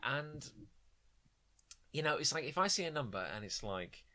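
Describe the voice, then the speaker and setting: A man's voice: fairly high pitch, moderate pace. A man co-hosting a podcast, telling rambling stories and acting out quotes in casual chat. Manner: rambling, animated storytelling with acted-out quotes. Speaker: podcast co-host.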